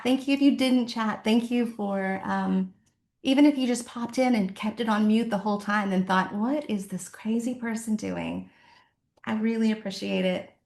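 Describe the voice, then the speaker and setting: Woman author, somewhat high voice, earnest and encouraging, loose rambling delivery; echoey room, laptop mic. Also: gravelly, darkish tone. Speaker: author at a virtual book event. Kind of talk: heartfelt casual talk to an online audience. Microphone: laptop microphone.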